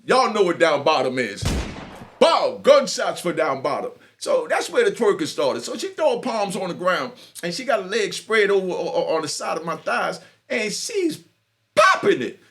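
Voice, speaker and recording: A man's voice: sits high, big pitch swings, a little fast, hardly any pauses, a bit bright. A man from New York telling a boastful, bawdy street story in a casual monologue, laughing often, stumbling over restarts and asking "you know what I mean.". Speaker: storyteller, channel host.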